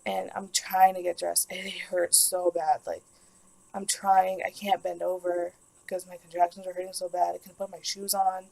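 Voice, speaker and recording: A woman's voice: lowish voice, flat delivery, moderate pace, vocal fry, darkish tone, low-quality recording. A young woman telling a personal story in a vlog, rambling and emotional, with lots of "like". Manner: rambling, emotional, heavy use of "like". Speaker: vlogger.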